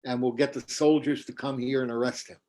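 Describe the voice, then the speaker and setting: A man's voice: medium pitch, steady tone, brisk, a little mellow, lightly acted. A man doing a scheming young husband. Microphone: video call.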